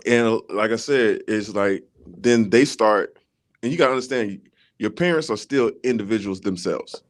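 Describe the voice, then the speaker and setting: A man co-hosting a podcast, laying out his reasoning in a measured way with frequent fillers. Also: on the low side. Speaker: podcast co-host. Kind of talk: casual chat.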